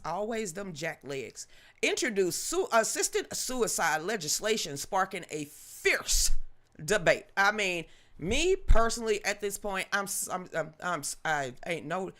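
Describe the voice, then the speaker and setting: Woman host, unscripted live stream commentary, sharp bright tone, sassy and mocking, slangy. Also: fairly low pitch. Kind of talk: unscripted political commentary, greeting chat viewers.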